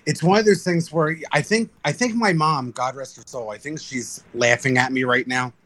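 A man tells stories in casual chat, animated and quick to swear. His voice is bright and forceful, with a middle pitch. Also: no room sound. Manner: animated storyteller, swears freely.

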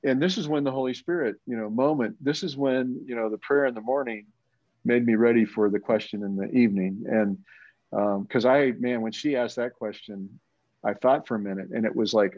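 A man's voice: mid-range voice, a little fast, dry recording. Earnest rambling man telling a story. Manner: earnest, rambling, full of restarts. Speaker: church planting leader. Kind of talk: conversational storytelling. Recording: muffled lo-fi audio.

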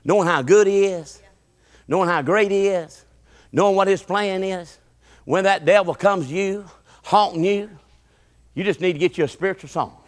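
A middle-aged man, preaching a folksy, animated sermon full of repetition and bursts of song. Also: high-pitched, normal speed, pauses often, big-room sound.

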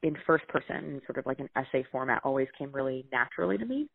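Over a tinny line that sounds like a phone, this Southern woman speaks fast in a very deep voice with vocal fry and a breathy edge, and there's no room sound. A guest writer, she recounts episodes from her career conversationally, animatedly performing the lines of the people she quotes.

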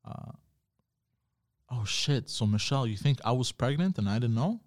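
A man's voice: mid-range voice, normal speed. A young man hosting a podcast alone, telling stories casually with lots of swearing and reacting to chat comments. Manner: profane, animated storyteller reading chat comments. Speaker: podcast host. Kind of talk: casual solo podcast storytelling.

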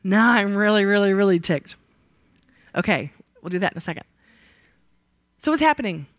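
A woman leads a Bible class in a relaxed, talky way. She keeps tossing questions out to the group. Her voice sits at a middling pitch and sounds close and dry. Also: normal speed, dry recording. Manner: lively, asks the audience rhetorical questions. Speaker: Bible study teacher. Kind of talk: conversational Bible teaching. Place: room with a live group.

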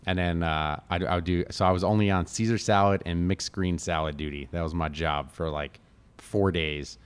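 A man in his thirties from Connecticut, a chef telling animated stories in casual chat. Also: sits low, moderate pace, smooth. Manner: animated storyteller, acts out quotes.

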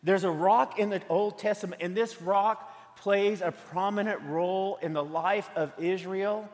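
A man's voice: high voice, steady tone, unhurried. A man preaching a sermon as pastor, mixing jokes and stories into his message in a church. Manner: humorous, storytelling. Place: church sanctuary. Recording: long hall reverb from a church sanctuary.

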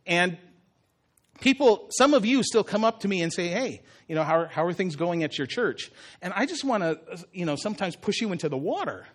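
High-voiced male pastor preaching. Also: sing-song, fairly quick. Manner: conversational preaching, acts out Jesus' words. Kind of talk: sermon. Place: church.

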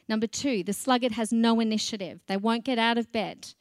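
A middle-aged woman pastor, preaching a sermon in a chatty, lively way and laughing between points. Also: on the high side, normal speed, hardly any pauses, dry recording.

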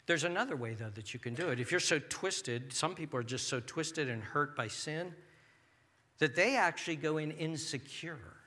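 A man preaching a sermon as pastor, animated and acting out people's inner thoughts. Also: on the high side, normal speed.

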